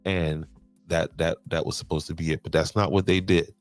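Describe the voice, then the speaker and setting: Brief: deep-voiced male podcast host, dry close mic, faint music, repeats himself. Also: level tone, moderate pace, no echo. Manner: repeats words, restarts and says "okay" often. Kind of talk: explaining local county finances to viewers.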